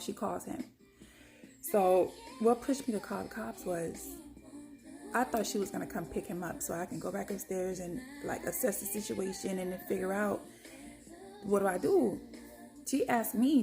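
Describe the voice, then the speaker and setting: A woman with a gravelly, medium-pitched voice recounts her own experience to the camera. She's animated and blunt, swears freely, and acts out other people's lines.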